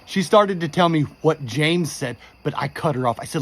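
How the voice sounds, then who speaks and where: A man in his forties with a fairly high, lively voice speaks at a moderate pace, retelling a frightening true story that happened to him. He's intense and shaken, and he swears frequently.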